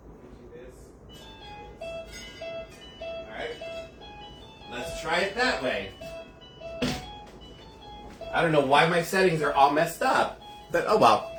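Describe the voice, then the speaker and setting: A man's voice: fairly high pitch, huge pitch swings, takes it slowly, long pauses, reverberant, loud music behind the voice. A man hosting a casual live cocktail show from his kitchen, chatty and gushing as he greets viewers. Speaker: host of a home cocktail livestream.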